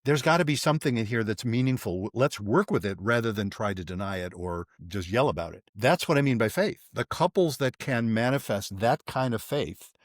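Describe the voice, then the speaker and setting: Older man, psychologist guest, measured explaining, mid pitch, dry close sound. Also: animated, no room sound. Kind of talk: podcast interview.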